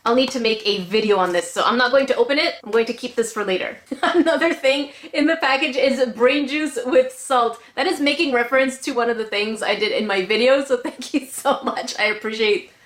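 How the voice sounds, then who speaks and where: Bubbly craft vlogger lady, kinda high voice, gushes over gifts, roomy echo. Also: fairly quick, hardly any pauses. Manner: gushing, excitable, gasps and laughs; salty ranting review. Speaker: craft video host. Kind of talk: casual unboxing chat. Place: home craft room. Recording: echoey room.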